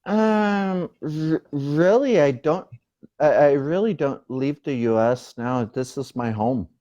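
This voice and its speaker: An older man born in the UK, a guest on an interview show, talks in an unhurried, joking way. He stops and restarts often, and his voice sits slightly high for a man. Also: warm tone, muffled recording. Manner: joking, slow and halting.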